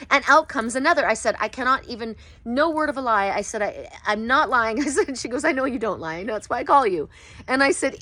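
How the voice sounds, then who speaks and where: A middle-aged woman reading oracle cards who talks outdoors in a casual vlog and keeps breaking into high, excited exclamations as she retells her sessions. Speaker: oracle card reader.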